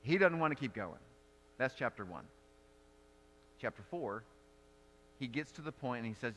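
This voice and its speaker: A man's voice: mid-range voice, lively intonation, moderate pace, long pauses, a bit bright, long reverb tail, a little hiss or hum. A male pastor giving a sermon in an earnest, conversational way, restarting phrases often.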